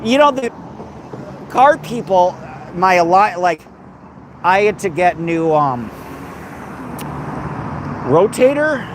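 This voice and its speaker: A man hosting a loose livestream, reading viewers' comments in a slightly high voice and throwing out crude, mock-threatening jokes. He is outdoors on a noisy recording, with a clear hum of traffic and machinery behind him. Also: expressive, slow pace, pauses often. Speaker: livestream host.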